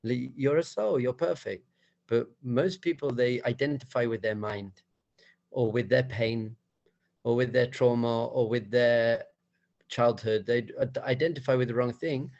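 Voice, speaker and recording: Rabbi guy giving a talk, storytelling, playful, kinda gravelly voice. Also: mid-range voice, steady tone, a little slow, darkish tone, highs cut off.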